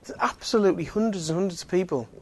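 A man with a fairly high voice gives a relaxed faith talk to a group. He speaks casually and fills his sentences with "you know". He also drops in teasing jokes. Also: fast, no echo. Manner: conversational, many fillers, joking asides. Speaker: Alpha course speaker. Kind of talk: evangelistic talk.

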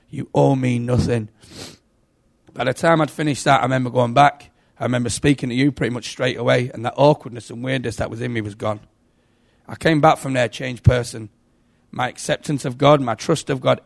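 A middle-aged man giving an emotional sermon testimony, telling stories and swinging from hushed to loud. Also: mid-range voice, creaky. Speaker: preacher.

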